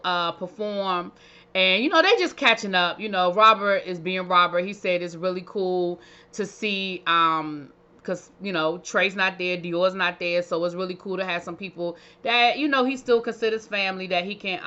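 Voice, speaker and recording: A woman's voice: mid-range voice, sharp tone, clean tone, dull audio. A woman recapping a reality show in a casual, sassy, chatty way, with playful asides. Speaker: reality TV reviewer.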